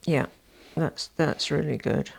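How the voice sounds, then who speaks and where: A low, gravelly woman chats to her viewers in a relaxed vlog. She talks in a chatty, self-deprecating way, full of little asides and restarts. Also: takes it slowly, a little hiss or hum. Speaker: fashion vlogger. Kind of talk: casual chat to camera.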